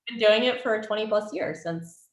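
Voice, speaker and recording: A woman's voice: medium pitch, normal speed. A woman in her thirties, a former communications advisor, chatting as a podcast guest and laughing easily as she talks. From US military family. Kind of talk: casual chat. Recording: echoey room.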